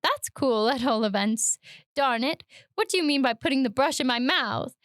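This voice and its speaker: Brief: gruff sailor customer, quick-tempered and loud, pitched high, dry close sound, a woman putting him on. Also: animated, no room sound. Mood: indignant. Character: blunt, gruff seafaring man, quick to anger. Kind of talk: dramatic read-aloud.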